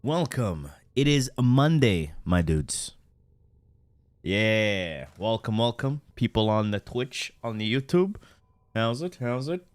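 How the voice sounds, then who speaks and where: A man streams a game and talks to his viewers in a slow, easy drawl, tossing in jokes and restarting his sentences. His voice sits at an ordinary pitch and sounds dry and close to the mic. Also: lively intonation, no echo. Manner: loose and joking, many restarts and "guys". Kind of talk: casual live-stream chat while playing.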